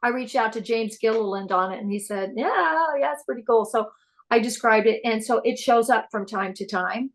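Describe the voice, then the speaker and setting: A woman guest on a podcast, telling personal stories in an excitable, animated way. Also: fairly high pitch, normal speed. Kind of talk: casual spiritual interview chat.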